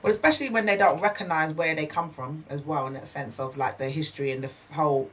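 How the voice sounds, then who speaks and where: A woman's voice: deep voice, fast, distant mic. A woman co-hosting a radio talk show in a studio, chatty and telling anecdotes. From England. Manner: chatty, tells anecdotes, laughs easily. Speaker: co-host. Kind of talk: casual talk-show chat.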